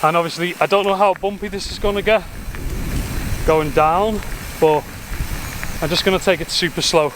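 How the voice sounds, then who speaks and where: A man's voice: high-pitched, fairly even intonation, moderate pace, long pauses, noisy background. A man, vlogging casually outdoors while cycling with his dogs in a trailer and chatting to them. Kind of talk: casual vlog to camera.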